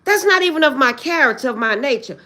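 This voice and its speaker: An agitated woman vents on a phone livestream, close to tears. Her fairly high voice leaps between loud outbursts and hushed, pleading prayers, with a very lively swing in pitch. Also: fast. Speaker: livestream host. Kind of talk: emotional livestream rant.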